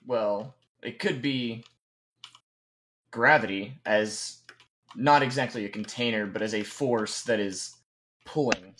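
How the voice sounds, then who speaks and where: Soft-spoken, hesitant male caller. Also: lowish voice, takes it slowly, pauses often, a little hiss or hum. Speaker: guest caller. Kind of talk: casual debate answers.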